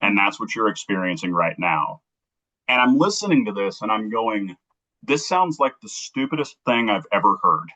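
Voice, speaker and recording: A man from Kansas City telling an emotional personal story as a guest, earnest and halting, acting out the dialogue he quotes. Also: fairly low pitch, sing-song, bright, forceful tone. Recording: dull lo-fi recording.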